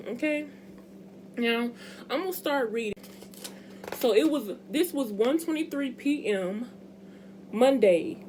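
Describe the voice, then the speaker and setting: Young woman, casual vlog chat, animated and emphatic, slight background noise. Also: fairly high pitch. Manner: chatty, emphatic, addresses viewers as y'all. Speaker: vlogger.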